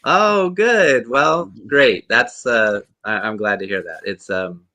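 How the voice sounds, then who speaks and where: A man who is a guest actor, telling animated anecdotes in a casual interview with many restarts. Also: mid-range voice, slow pace.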